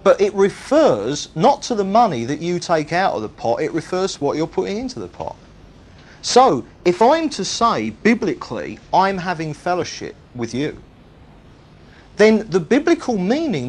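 A man's voice: high-pitched, very animated, normal speed, darkish tone. A man preaching a sermon, stressing points by repeating words.

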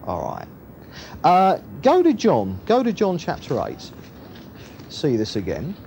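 Male preacher, sermon style, very animated pitch. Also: takes it slowly, a little hiss or hum. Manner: animated, swings from loud emphasis to low asides. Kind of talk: sermon, Bible teaching.

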